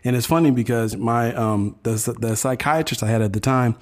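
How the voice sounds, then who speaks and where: A man with a medium-pitched voice, a guest on a casual podcast. He talks animatedly and keeps restarting his sentences as he tells his story. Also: normal speed. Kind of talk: casual chat.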